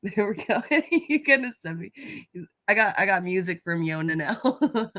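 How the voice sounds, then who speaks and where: Bright-voiced woman streamer, swearing and laughing. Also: medium pitch, expressive, normal speed. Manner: laughs a lot, swears freely, chatty. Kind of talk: casual live-stream chat.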